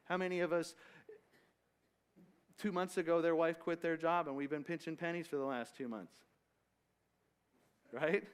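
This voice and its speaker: A man's voice: on the high side, steady tone, normal speed, long pauses, clean tone. A man leading a Bible study, teaching in a loose, conversational way with asides and restarts. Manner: casual, rambling with restarts and asides.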